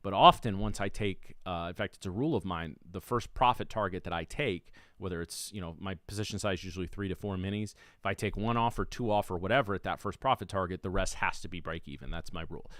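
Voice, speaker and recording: Host type, man with a lowish voice, chatty explainer who keeps restarting and tags "right?" onto his points, close dry mic. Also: steady tone, fast, hardly any pauses, fairly bright tone, dry recording. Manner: conversational, restarts often, keeps checking with "right?". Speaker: trading show host. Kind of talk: casual explanatory talk on a livestream.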